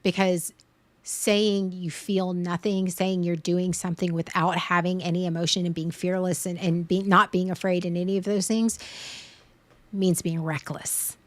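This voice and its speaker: A woman in her thirties speaks earnestly and openly on a stream. Her voice sits a little low. The sound is dry and close, with no room around it. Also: flat delivery, moderate pace, dry recording. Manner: earnest, vulnerable, tearful at times. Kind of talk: emotional casual chat.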